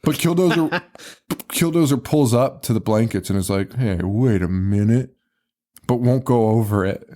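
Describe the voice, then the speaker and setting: A man's voice: medium pitch, moderate pace, warm tone. A man co-hosting a podcast, casually recapping a movie with lots of laughter, swearing and mock quotes. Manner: laughing, profane, retelling scenes with mock quotes. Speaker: podcast co-host.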